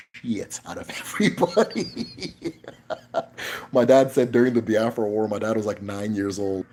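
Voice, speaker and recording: A man runs a casual livestream Q&A in a lowish, slightly mellow voice, with a little hiss or hum on the audio. He's emphatic and blunt, cursing often and tacking "right?" onto his points.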